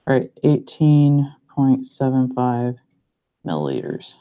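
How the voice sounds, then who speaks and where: A young man, a pharmacy student, mutters to himself as he works through practice problems, unhurried and doubting his own answers. His medium-pitched voice is very animated, clear and resonant. The recording is muffled and lo-fi.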